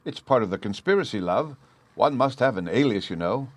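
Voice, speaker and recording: A man's voice: mid-range voice, lively intonation, brisk, no room sound, voice pushed up, natural voice. A man reading an audiobook, voicing a flustered, timid noblewoman who stammers and pleads. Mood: meek.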